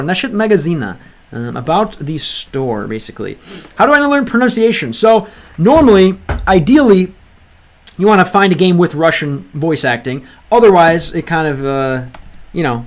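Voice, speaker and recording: A man's voice: a little high, sing-song, moderate pace. A man giving casual commentary while playing a game, chatty and full of restarts, reading lines aloud and translating them. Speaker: language-learning gaming creator.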